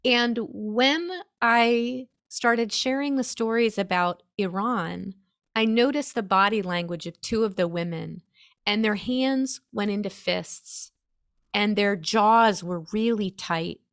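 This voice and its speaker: An American woman, a storyteller, recounting a personal experience in an earnest, animated, emotional way. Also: medium pitch, takes it slowly, clear, resonant tone, dry recording, clean studio sound. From United States. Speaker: storyteller guest. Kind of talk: conversational storytelling.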